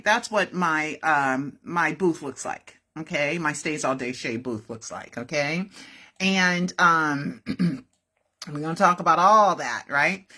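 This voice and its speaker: A woman's voice: deep voice, bright, forceful tone. A woman telling a story to her viewers in a casual, chatty way, often checking in with "right?" and "okay?". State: feeling unwell.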